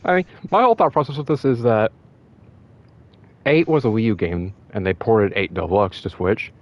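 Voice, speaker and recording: A man with a lowish voice chatting about games in a rambling, excitable way, tripping over his words and laughing often. The recording is dull and lo-fi, as if from a cheap mic. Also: moderate pace, a little hiss or hum. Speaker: podcast co-host. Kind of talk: casual gaming chat.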